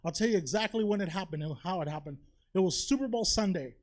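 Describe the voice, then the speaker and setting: High-pitched guy doing stand-up, chatty and confessional, lots of "you know? right?", stage mic. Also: lively intonation, fast. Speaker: stand-up comedian. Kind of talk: stand-up set. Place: comedy theater stage.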